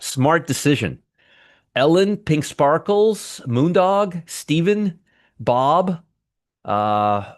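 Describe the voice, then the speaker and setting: A man's voice: a little high, no echo, studio quality. A middle-aged man hosting a casual trading livestream, rambling and greeting viewers one by one by name, with frequent restarts. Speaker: trading show host.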